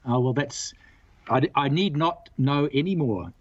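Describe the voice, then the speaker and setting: A man's voice: medium pitch, unhurried, dry recording, dull audio. A male radio host chatting casually, jovial and easygoing as he leads the conversation.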